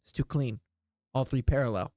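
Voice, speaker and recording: A game master voicing a gruff male wood elf tracker who talks low, slow and halting. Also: mellow, no room sound, studio quality, close to an everyday voice. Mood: wary.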